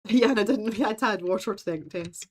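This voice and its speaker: A woman's voice: mid-range voice, fast talker, breathy edge. Scottish woman, art stream host, meandering casual chat with frequent laughs. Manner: chatty and meandering, laughs often.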